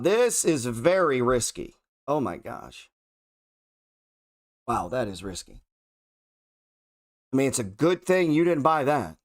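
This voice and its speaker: A man talks his way through market charts in a loose, off-the-cuff way. He is heavily sarcastic and profane, thinking aloud as he goes. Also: mid-range voice. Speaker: trading show host. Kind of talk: casual market commentary while scrolling charts.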